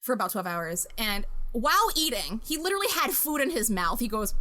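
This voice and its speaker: A young woman hosting a podcast, telling a story in a casual, animated and profane way with bursts of laughter. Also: on the high side, fairly quick, hardly any pauses. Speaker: podcast host.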